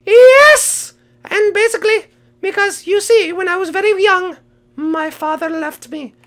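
A woman voicing a young male black cat who swings between shrieking outbursts and low, menacing muttering in an improvised game role-play. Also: unhurried, fairly bright tone. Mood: aggrieved.

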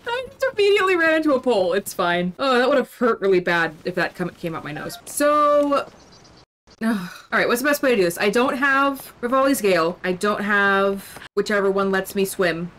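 A woman's voice: medium pitch, normal speed, fairly bright tone. A young woman streaming a video game, commenting casually in a playful, self-mocking way and talking to herself.

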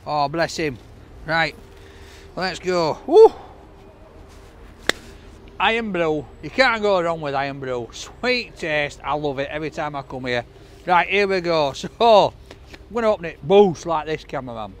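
A man with a high voice talks through a takeaway box in a casual vlog. He is cheerful and chatty and laughs often. He is outdoors, with faint street noise behind him. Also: animated, measured pace, pauses often. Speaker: food reviewer.

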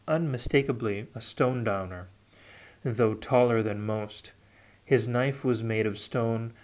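A man reading a novel aloud unrehearsed, in a measured, unhurried way. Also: medium pitch. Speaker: audiobook reader. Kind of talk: unrehearsed audiobook narration.

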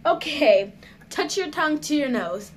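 A woman's voice: sits high, sing-song, measured pace, slight background noise. A woman chatting casually in a home vlog, giggly and nervous, talking straight to her viewers. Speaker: vlogger. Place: at home indoors.

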